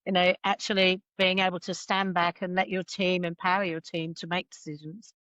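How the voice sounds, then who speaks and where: A woman's voice: on the low side, level tone, normal speed, a bit bright, no room sound, dull audio. A woman hosting a podcast interview, often affirming her guest and asking reflective questions. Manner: frequent affirming backchannels. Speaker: podcast host. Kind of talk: interview, conversational.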